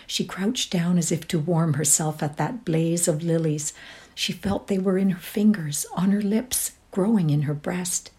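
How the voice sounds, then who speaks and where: A woman reading a classic short story aloud, expressive and sinking to a whisper in quiet passages. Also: fairly low pitch, unhurried. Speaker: reader.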